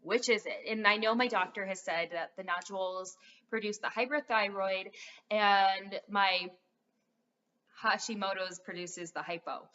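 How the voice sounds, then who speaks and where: A woman's voice: medium pitch, fairly even intonation, measured pace, pushed and bright. A young adult woman rambling through a casual vlog, full of fillers as she talks straight to her viewers. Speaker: vlogger. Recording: dull lo-fi sound.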